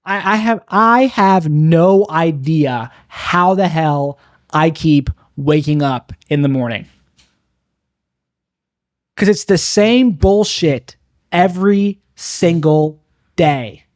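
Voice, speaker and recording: A man's voice: a little high, slow pace, dry recording. Rambling, bitter young man, dry sound. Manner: rambling, bitter, self-deprecating with frequent restarts. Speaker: stand-up comedian. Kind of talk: confessional stand-up monologue.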